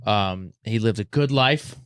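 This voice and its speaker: A man's voice: fairly low pitch, measured pace, clear, resonant tone, no echo, studio quality. A man hosting a podcast, telling a rambling personal story in a laid-back way, often repeating himself. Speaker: podcast host. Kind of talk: casual storytelling chat.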